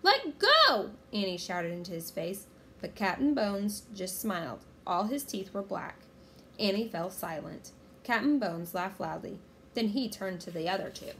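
A woman reading a children's storybook aloud with steady, expressive narration. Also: mid-range voice, normal speed, a little hiss or hum. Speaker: reader.

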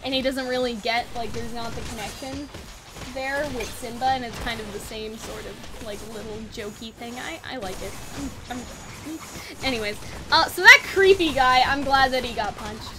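A woman's voice: a little high, moderate pace, background noise. A woman hosting a casual review chat, talking in a loose, chatty way full of "like" and "you know what I mean.". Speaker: anime review show host.

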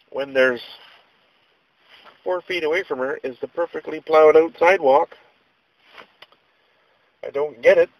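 A man's voice: a little high, a little slow, pauses often, no echo, lo-fi sound. A man vlogging a casual rant, telling stories in a rambling, exasperated way with mild slang.

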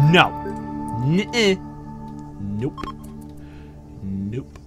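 A young man talks through a let's play in an exasperated, ranting way, swearing at the game. His voice sits fairly high and swings widely in pitch, and he takes his time between words. Faint game music plays underneath. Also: big pitch swings, a little slow, long pauses. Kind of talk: casual gameplay commentary.

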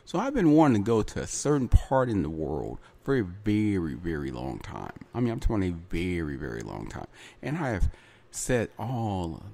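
A man's voice: low voice, sing-song, normal speed, vocal fry, warm tone, a little hiss or hum. A man hosting his own podcast, talking in a chatty solo monologue full of repeats and asides like "right?" and "you know". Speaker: podcast host.

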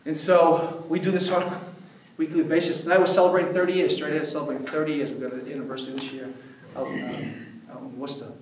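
A man's voice: a little high, level tone, quick pace, a little hiss or hum. Guy telling stories at a church men's group, loose and chatty, kinda far from the mic, big echoey hall. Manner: casual, filler-heavy, with many "like"s. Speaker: prison ministry worker speaking at a men's ministry. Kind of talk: storytelling talk to a church group.

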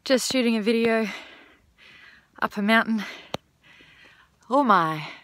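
A woman's voice: on the high side, animated, slow, a bit bright. An Australian woman hosting geek culture content, talking in playful, jokey, self-mocking comedy clips. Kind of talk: comedic short vlog clips.

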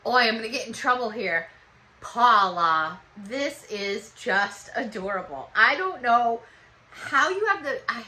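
Bright-voiced woman in her fifties. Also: high voice, poor audio. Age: 50s. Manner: warm, gushing, chatty and thankful. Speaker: vlogger opening fan mail. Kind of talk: casual chat.

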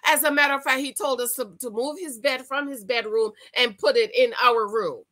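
A woman's voice: on the high side, moderate pace, pushed and bright, poor audio. A middle-aged woman hosting a commentary vlog, reading news aloud and reacting indignantly while talking straight to her viewers. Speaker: YouTube commentary host.

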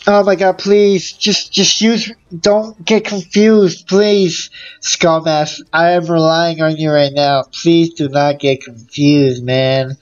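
A gaming YouTuber giving casual let's-play commentary, excitable and full of exclamations and groans. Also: medium pitch, slow pace, highs cut off.

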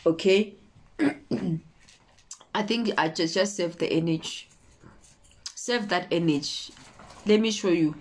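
A woman's voice: fairly low pitch, takes it slowly, long pauses. A woman preaching a motivational sermon, repeating her points and checking in with her listeners. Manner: repetitive, exhorting, often checking in with "okay?".

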